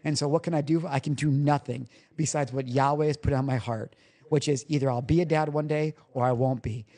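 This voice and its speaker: A man's voice: mid-range voice, fairly even intonation, brisk, warm tone. Candid, emotional man telling a story. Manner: candid, emotional, casually profane. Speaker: recovery coach guest. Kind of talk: podcast interview, personal storytelling.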